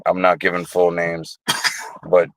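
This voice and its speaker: A man's voice: deep voice, completely flat delivery, measured pace, no echo, poor audio. A man hosting a casual livestream, telling rambling, profane stories. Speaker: livestream host.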